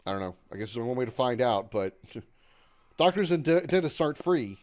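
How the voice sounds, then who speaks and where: A man in his thirties talks to his chat while he plays a video game. He keeps up loose, profane banter and reads viewer comments aloud, full of fillers and quick asides. His voice sits in a middling pitch. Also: sing-song, darkish tone. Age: 30s. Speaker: gaming livestreamer. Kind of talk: casual live-stream chat while gaming.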